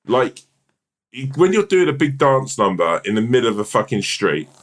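A man's voice: mid-range voice, sing-song, normal speed. A man co-hosting a podcast in casual chat, rambling and swearing often with lots of restarts. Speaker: podcast co-host.

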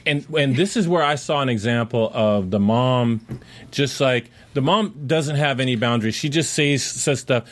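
A man co-hosting a casual talk show, retelling scenes in quoted voices and pitching up high when he argues. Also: normal speed. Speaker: co-host. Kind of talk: casual chat.

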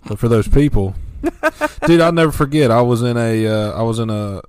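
A man's voice: mid-range voice, moderate pace, a little mellow, clean tone, dry recording. A man chatting casually on a podcast, laid-back and telling stories with frequent laughs. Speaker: podcast host. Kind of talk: casual chat.

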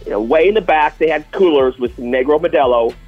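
A man's voice: fairly high pitch, fast talker, highs cut off, soft background music. A man co-hosting a casual sports talk show, telling stories with enthusiasm. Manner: enthusiastic, storytelling. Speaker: co-host.

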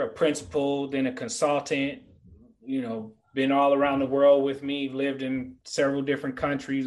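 Animated, earnest man telling stories. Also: mid-range voice, rough recording. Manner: animated storyteller; earnest, motivational. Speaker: guest. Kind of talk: casual podcast chat.

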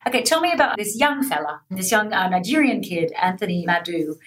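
Woman interviewer, chatty and excitable, sits back from the mic. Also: medium pitch, a little fast, recorded from a distance. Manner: chatty, excitable, swears casually. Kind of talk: casual interview chat.

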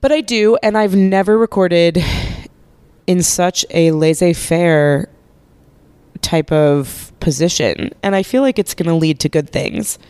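Host, young adult woman, stuffy and nasal from a cold, chatty and self-mocking, smooth tone, dry close mic. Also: lowish voice, a little slow, a little mellow, dry recording. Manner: rambling, chatty, swears casually, self-mocking. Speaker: podcast host. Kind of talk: casual solo podcast chat. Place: living room couch, lying under a blanket. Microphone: podcast microphone held while lying down.

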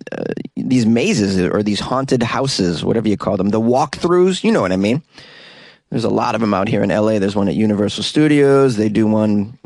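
A man riffing on odd news stories in a sarcastic, joking tone, with mid-pitched speech. The sound is dry and close, with no room around it. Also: no echo. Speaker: host. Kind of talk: comedic news commentary. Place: Los Angeles.

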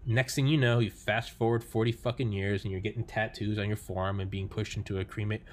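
An American man hosting a podcast, talking casually with lots of swearing and sudden jumps between loud and quiet. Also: on the low side, fast, a little hiss or hum. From United States. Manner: animated, profane, swings between loud and quiet. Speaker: podcast host.

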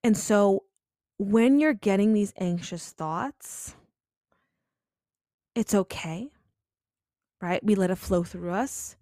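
A woman's voice: medium pitch, slow, long pauses, dark tone, no echo. Young woman podcast host telling a story, chatty and confessional, lots of "like," dry close mic. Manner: chatty, confessional, many "like" and "you know" fillers. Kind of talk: personal storytelling.

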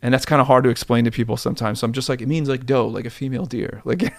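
A man in his forties, a podcast guest, chatting casually and telling rambling, animated stories with many restarts. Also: medium pitch, rapid-fire, gravelly, dry recording. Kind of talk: casual interview chat.

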